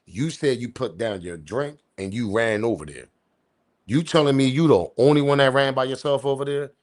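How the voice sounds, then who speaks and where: A man's voice: medium pitch, moderate pace, darkish tone. A man hosting a live-stream commentary show, talking in incredulous, argumentative street slang. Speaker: commentary channel host.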